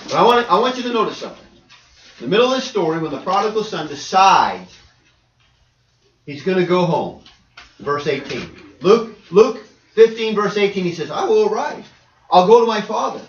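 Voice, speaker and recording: A man's voice: high-pitched, lively intonation, normal speed. A man preaching a sermon to a congregation. He reads scripture aloud and raises his voice to press his points. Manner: raises voice, reads scripture, acts out quoted people. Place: church hall. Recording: roomy, distant, dull church audio.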